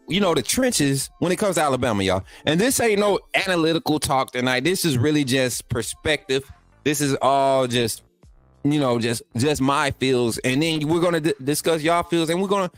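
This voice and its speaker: A middle-aged man talks loose and chatty, repeating himself and hyping up his viewers as he hosts a live sports stream. His voice sits at an ordinary, mid-range pitch. It is recorded dry on a close desk mic, with faint music playing underneath. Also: no room sound. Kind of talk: casual live-stream chat.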